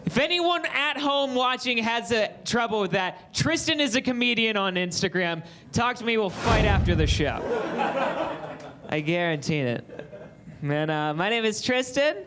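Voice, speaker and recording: A man's voice: high voice, animated, moderate pace, crowd noise. A man in his twenties from Phoenix doing stand-up, rowdy and profane, with lots of stammered fillers. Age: 20s. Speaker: stand-up comedian. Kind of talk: stand-up comedy set. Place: comedy stage with live audience.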